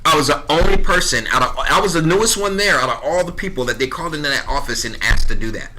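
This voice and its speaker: A man's voice: on the high side, animated, fast talker, sharp tone, slight background noise. A man in his thirties telling a story in casual podcast chat, bluntly, swearing freely and acting out both sides of conversations. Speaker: podcast guest.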